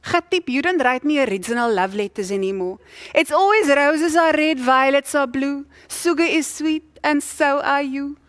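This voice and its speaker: A woman's voice: very high voice, normal speed, dry recording, pitched above the performer's own voice. A woman telling a joke and voicing a wife who complains that her husband no longer writes original love letters, in a teasing, theatrical way. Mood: teasing complaint.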